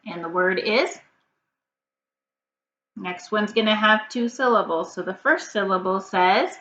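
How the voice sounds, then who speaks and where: A woman teacher leading a phonics reading lesson for young children, prompting slowly and patiently, sound by sound. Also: medium pitch, fairly bright tone. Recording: dull, slightly noisy, roomy sound.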